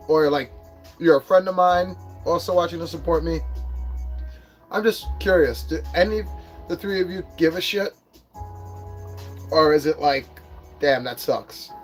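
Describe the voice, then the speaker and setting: Rambling, foul-mouthed man in his forties. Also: on the high side. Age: 40s. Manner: profane, rambling storytelling with put-on quoted voices. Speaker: livestream host. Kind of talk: casual livestream chat.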